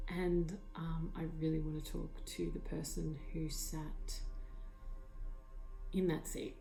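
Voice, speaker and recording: A woman with a dark, mellow voice and a gravelly edge tells her story with excitement. She drops into whispers and swears now and then, full of fillers. Faint music sits behind her on a lo-fi tablet recording. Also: on the low side. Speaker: vlogger. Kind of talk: emotional personal storytelling. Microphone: tablet mic.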